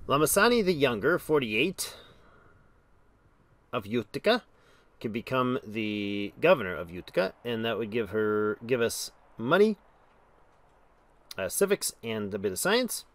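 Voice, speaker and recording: A man's voice: medium pitch, measured pace, long pauses, no echo. Chatty man narrating a strategy game. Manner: chatty, reads game text aloud, reacts with animated exclamations. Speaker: game streamer. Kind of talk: casual gameplay commentary.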